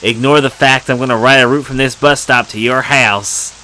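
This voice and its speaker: A man's voice: mid-range voice, fairly even intonation, moderate pace, pushed and bright, low-quality recording. A man giving casual, joking commentary while playing a horror game. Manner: joking, self-mocking asides. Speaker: let's play commentator.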